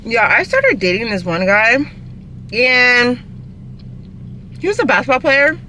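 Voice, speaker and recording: A woman's voice: fairly high pitch, big pitch swings, measured pace, sharp tone, a little hiss or hum. A young woman, chatting casually in a car while eating, rambling and talking with her mouth full. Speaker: vlogger. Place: inside a parked car.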